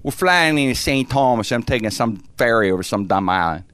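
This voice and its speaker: A man's voice: medium pitch, expressive, a little fast, a bit bright, clean tone, no room sound, voice pushed down, natural voice. A man voicing a stubborn, brash older woman who argues defiantly. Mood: indignant. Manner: blunt, defiant, indignant.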